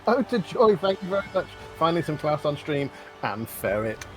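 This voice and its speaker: A man's voice: a little high, sing-song, moderate pace, fairly bright tone, faint music behind. A man commentating a video game match in casual style, with joking, self-deprecating banter and the odd swear.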